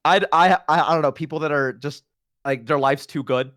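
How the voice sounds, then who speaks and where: A man's voice: fairly high pitch, brisk, no room sound, studio quality. A man chatting casually as a stream guest, telling rambling stories full of fillers. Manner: animated rambling storytelling, lots of "like". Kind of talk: casual chat on a collab stream.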